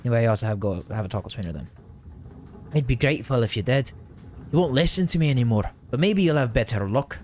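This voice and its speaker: A man's voice: medium pitch, lively intonation, fast, a little mellow, a little hiss or hum, natural voice. A man putting on a shaky elf miller. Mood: defensive. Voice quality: clumsy put-on Irish or Scottish accent. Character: nervous middle-aged male elf miller, defensive. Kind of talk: reading game dialogue aloud.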